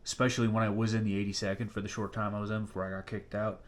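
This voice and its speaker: A man's voice: fairly low pitch, level tone, very fast. A man hosting a casual interview, a former soldier who talks bluntly and swears emphatically.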